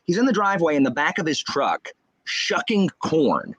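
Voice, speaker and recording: A young man from the American South, chatting on a video call and telling animated stories about his family, mimicking their voices. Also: on the high side, moderate pace, a little hiss or hum. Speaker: booktuber. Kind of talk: casual storytelling chat.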